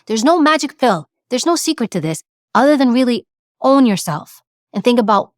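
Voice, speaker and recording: A woman giving a motivational talk, animated and acting out examples as she speaks. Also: a little high, normal speed, dry recording, studio quality. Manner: animated, acts out examples, repeats words. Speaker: speaker on presence and communication.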